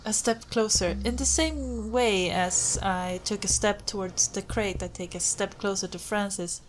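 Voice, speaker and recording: A woman playing a tabletop role-playing game, speaking slowly and deliberately in character, with an intense manner. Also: mid-range voice, a little hiss or hum. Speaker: player.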